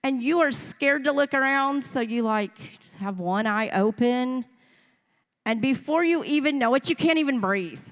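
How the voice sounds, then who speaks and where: A middle-aged woman delivers a sermon, bringing it alive with animated storytelling and acted-out voices. Her voice sits a touch high, and a long hall reverb trails each line. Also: measured pace. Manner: storytelling, animated, acts out voices of children and parents. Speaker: preacher. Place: church sanctuary.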